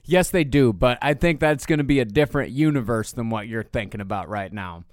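Male co-host, laid-back dry wit, lively intonation. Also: mid-range voice, brisk, no echo. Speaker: podcast co-host. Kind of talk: casual gossip chat.

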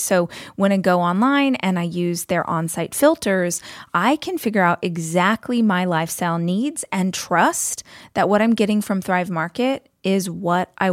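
Woman podcast host, reflective, speaks softly; dry, close recording. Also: lowish voice, no echo. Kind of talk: casual interview chat.

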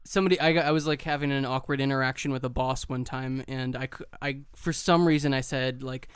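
Smooth-voiced wry man. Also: medium pitch, steady tone, fast, no room sound, studio quality. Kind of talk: casual chat.

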